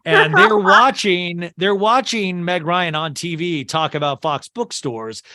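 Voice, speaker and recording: A man hosting a podcast, recapping a movie in a casual, animated way with lots of fillers. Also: sits high, measured pace. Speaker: podcast host.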